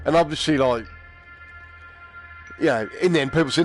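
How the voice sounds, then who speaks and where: A man's voice: a little high, moderate pace. Chatty swearing man over game music. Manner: chatty, swears and laughs often. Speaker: game streamer. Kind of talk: casual chat while playing a VR game. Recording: game music loud under voice.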